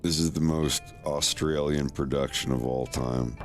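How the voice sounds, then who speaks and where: A man's voice: a bass voice, fairly even intonation, unhurried, faint music behind. A man streaming and casually commenting with wry, playful remarks while watching videos.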